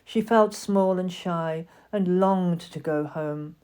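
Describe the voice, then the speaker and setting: A woman narrates a children's storybook in a gentle, expressive way. Her voice sits a little low and sounds mellow. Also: slow pace, clean tone. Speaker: audiobook reader.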